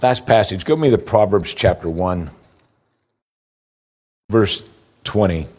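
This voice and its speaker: Slow readings of scripture fill this sermon from a male pastor, whose voice rises in pitch with lively energy as he presses each point.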